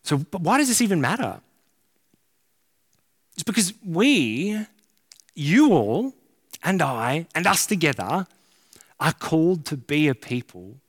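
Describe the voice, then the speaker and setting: Lively pastor in echoing hall. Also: male voice, fairly high pitch. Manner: casual, joking, slangy preaching. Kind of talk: sermon. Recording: long hall reverb.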